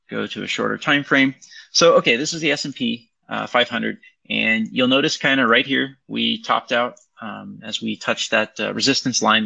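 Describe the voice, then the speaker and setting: Gravelly-voiced man walking through charts. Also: medium pitch, sharp tone, dull audio. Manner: hesitant, many ums and restarts. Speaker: crypto market analyst giving a price report. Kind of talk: casual chart walkthrough.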